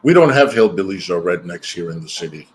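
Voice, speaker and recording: A man hosting a stream, chatting in an animated, teasing way. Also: low voice, brisk, slightly rough, low-quality recording. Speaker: stream host. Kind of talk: casual chat on a stream.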